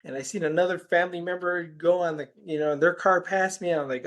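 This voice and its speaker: A man with a somewhat high voice is a guest in an interview. He tells his story in a loose, rambling way. He keeps slipping into the voices of the people in it as he quotes them. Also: steady tone, a little fast, fairly bright tone. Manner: rambling anecdotes, quoting conversations with "I'm like". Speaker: healer and podcast guest.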